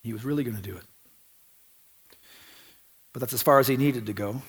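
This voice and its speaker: A man's voice: medium pitch, brisk, breathy edge, big-room sound. A male pastor preaching a sermon in an earnest, conversational way, repeating phrases for emphasis.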